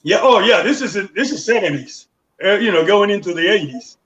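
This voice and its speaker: Older man from Panama, a high voice on a dull lo-fi recording, animated storyteller. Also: a little fast. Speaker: guest. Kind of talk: storytelling interview. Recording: dull lo-fi sound.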